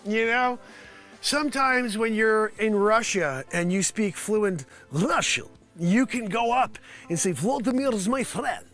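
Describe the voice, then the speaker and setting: A man hosting a live comedy stream, improvising a goofy mock news report and sometimes shouting. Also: sits high, expressive, measured pace, faint music behind.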